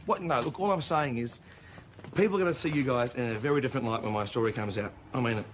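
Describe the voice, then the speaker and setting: An actor playing a pushy, excitable Australian small-town newspaper reporter, eager and wheedling. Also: male voice, medium pitch, fast talker, music in the background, close to an everyday voice. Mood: earnest.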